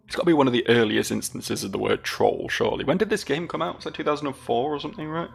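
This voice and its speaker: A man's voice: mid-range voice, fast, creaky, hardly any pauses, slightly rough. A British man commenting on gameplay as a let's play host, with musing, wry asides.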